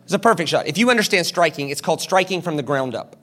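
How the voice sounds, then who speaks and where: Male preacher, high and lively voice, dramatic storyteller, shouts at the climaxes. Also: quick pace. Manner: animated, dramatic, with shouted peaks. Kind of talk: sermon with storytelling.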